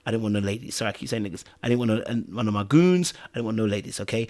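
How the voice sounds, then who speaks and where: A man with a British accent co-hosting a casual podcast, animated and swinging between loud bursts and hushed asides. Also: on the low side, very fast, few pauses. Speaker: podcast co-host.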